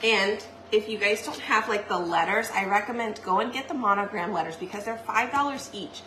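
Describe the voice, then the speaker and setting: A woman's voice: mid-range voice, a little fast, sharp tone. A young woman hosting a crafting live stream, chatting casually and giggling with her viewers as she works. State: pregnant and out of breath at times. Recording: echoey room, faint noise.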